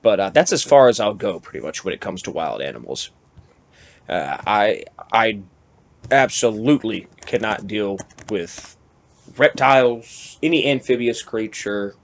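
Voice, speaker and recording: Rambling podcast host. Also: male voice, on the low side, unhurried. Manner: rambling, self-deprecating, animated when riled up. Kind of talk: casual monologue.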